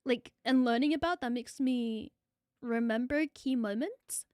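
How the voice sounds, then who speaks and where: This young woman, a VTuber streamer, has a slightly high, darkish voice and speaks unhurriedly. Chatting casually on her livestream, she answers viewer comments in a rambling fashion, repeating phrases and tossing in casual swearing. The sound is clean studio audio with no room sound.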